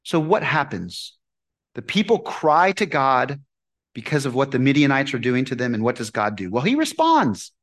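A man preaching a sermon in an animated way, asking his listeners questions and answering them. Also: medium pitch, normal speed. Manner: animated, asks the congregation questions. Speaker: pastor.

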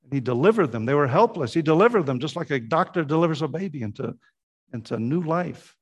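A man's voice: on the high side, animated, quick pace, husky. A man preaching a sermon as pastor, earnest and conversational, often restarting his phrases.

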